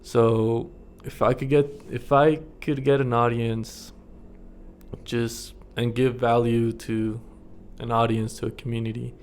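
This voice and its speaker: A man's voice: medium pitch, a little mellow, slight background noise. A young man from the United States talking casually to his camera in a rambling vlog, full of fillers and frequent chuckles. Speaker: vlogger.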